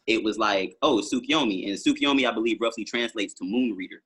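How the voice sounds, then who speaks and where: Husky, forceful low-voiced man. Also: brisk. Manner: rambling storytelling with many fillers. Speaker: musician guest. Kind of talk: casual podcast conversation.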